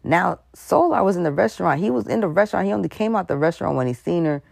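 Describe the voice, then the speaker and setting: Gravelly, dry-voiced conspiracy vlogger. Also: mid-range voice, fast talker, dry recording. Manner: rambling, animated, suspicious; laughs mid-sentence. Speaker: commentary vlogger. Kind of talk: casual conspiracy commentary.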